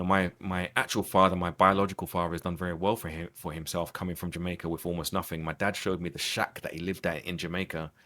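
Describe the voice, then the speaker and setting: Man, podcast guest, deep voice, earnest, reflective, restarts sentences. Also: fairly bright tone. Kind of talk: conversational interview.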